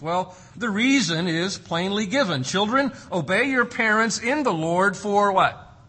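A man preaching a sermon, swinging between loud emphasis and hushed, quiet drops. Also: high voice, expressive, moderate pace, slightly rough. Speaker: pastor.

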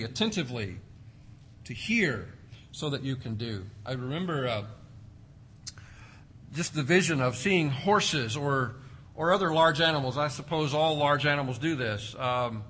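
A man preaching a sermon, swinging between loud emphasis and hushed, quiet drops. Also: fairly high pitch, slightly rough. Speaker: pastor.

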